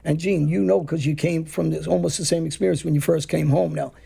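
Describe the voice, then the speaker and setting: A man's voice: a little high, steady tone, brisk, creaky, mellow, husky. A middle-aged man hosting a casual interview, talking blunt street talk in a rambling way. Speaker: host.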